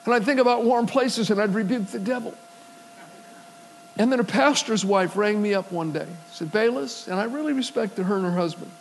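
A man with a high, light voice preaching in a storytelling way. He acts out the people in his stories and swells into emphatic preaching. A faint hum sits under the recording. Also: normal speed, poor audio. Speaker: pastor. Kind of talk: sermon.

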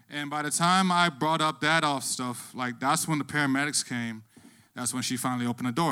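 Profane, animated male storyteller. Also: mid-range voice, a little fast, smooth. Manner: profane, animated, acts out the other voices. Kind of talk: casual live storytelling.

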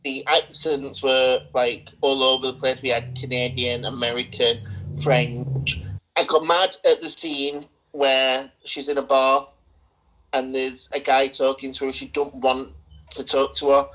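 A man co-hosts a casual film review podcast, rambling and opinionated with plenty of hesitations. His mid-range voice is level, unhurried, and a bit bright, and the recording has a dull lo-fi sound.

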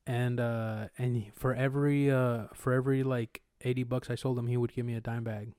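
A man's voice: medium pitch, flat delivery, moderate pace, dark tone, smooth, dry recording, clean studio sound. A young man co-hosting a podcast, telling rambling, slangy stories and acting out quotes with swearing. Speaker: podcast co-host. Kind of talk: casual storytelling chat.

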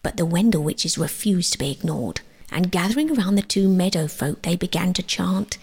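A woman reading her own sleep story aloud, gentle and slow, often dropping into a whisper. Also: fairly low pitch, slightly rough. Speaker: storyteller and author.

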